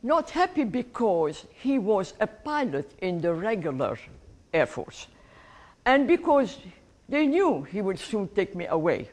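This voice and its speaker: Unhurried and mid-range in voice, an animated elderly Egyptian woman narrates her life story for an audience as a guest speaker. She stays warm throughout, breaking into laughter at her own memories.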